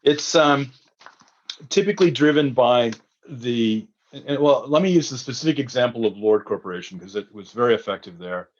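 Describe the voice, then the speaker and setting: A man's voice: medium pitch, expressive, normal speed, dull audio. A man answering as a consultant guest, explaining a process methodically with frequent ums.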